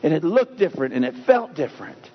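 Lively, emphatic male preacher. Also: fairly high pitch, brisk. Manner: emphatic, repeats phrases with shifting stress. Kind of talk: sermon. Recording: dull lo-fi sound with faint hum.

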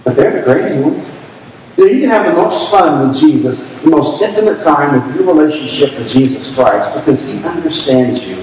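A man's voice: on the high side, animated, a little fast, hardly any pauses, slight background noise. A middle-aged man preaching a sermon, telling homespun stories and acting out the voices of people he quotes. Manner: folksy storytelling preacher, acts out quoted voices. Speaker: pastor. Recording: distant, dull, echoey hall.

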